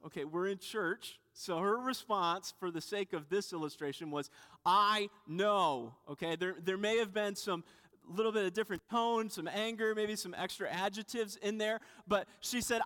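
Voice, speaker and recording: A man's voice: sits high, a bit bright. A man in his thirties preaching a sermon, telling a personal story with self-deprecating humor and acting out the voices. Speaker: pastor. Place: church sanctuary. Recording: reverberant church hall.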